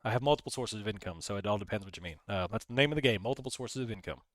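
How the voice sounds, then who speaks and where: A man's voice: fairly low pitch, very fast, dry recording. Man casually chatting on a livestream. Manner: rambling, reads chat aloud, talks through trades. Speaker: livestream host. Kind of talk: casual live-stream chat.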